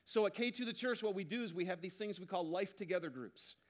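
A man preaching a sermon to his congregation, animated and joking, often asking the crowd questions. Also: sits high, fast talker. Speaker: pastor.

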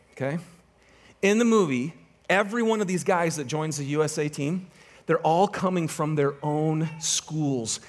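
High-voiced pastor joking through a sermon. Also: male voice. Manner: animated storytelling, joking with the congregation.

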